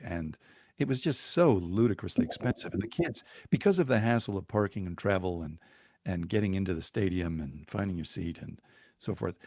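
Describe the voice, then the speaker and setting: A man telling a story on a podcast in a lively, chuckling way, with fillers and restarts along the way. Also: sits low, breathy edge, no room sound, studio quality. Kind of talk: conversational storytelling.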